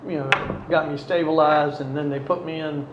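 A man tells his own past in a halting, reflective way, pausing often. His voice sits a little high. The recording is roomy and slightly muffled, with faint ambience behind him. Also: steady tone, background noise. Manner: halting, reflective, many pauses. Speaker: storyteller recounting past addiction. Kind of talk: personal testimony.

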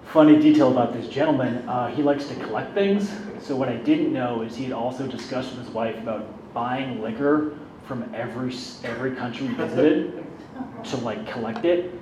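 A man's voice: mid-range voice, normal speed. A man candidly telling a self-deprecating personal story about his recovery, in a casual, conversational way. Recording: roomy, distant mic, background noise.

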